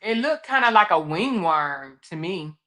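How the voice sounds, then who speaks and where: A woman's voice: on the low side, sing-song, a little slow, bright, forceful tone. A woman hosting a commentary show, chatting casually and reacting to clips with asides to her audience. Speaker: host.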